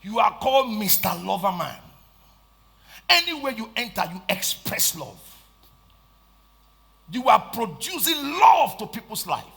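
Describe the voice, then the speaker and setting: A man with a Nigerian accent preaching a sermon, swinging between shouted lines and hushed asides and repeating phrases for emphasis. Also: high voice, big pitch swings, unhurried, vocal fry, pauses often, husky. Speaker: pastor.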